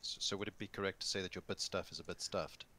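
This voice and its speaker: A man's voice: sits low, fairly even intonation, fast talker, pushed and bright, no room sound. A man chatting playfully with friends while gaming, making puns. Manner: playful, punning, jokey. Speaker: friend on voice chat. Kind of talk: casual chat while gaming.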